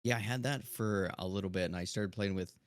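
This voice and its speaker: A man talking casually on a podcast in a low, projecting chest voice, keeping a calm, even, near-monotone delivery. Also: a little fast, dry recording, clean studio sound. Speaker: streamer guest. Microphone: dynamic studio microphone.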